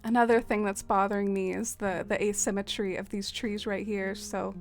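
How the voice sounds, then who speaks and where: A woman's voice: medium pitch, little pitch movement, moderate pace, soft background music. A woman hosting a casual game livestream, chatting with viewers, with lots of fillers and frequent laughs. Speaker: livestream host. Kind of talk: casual livestream chat while playing a game.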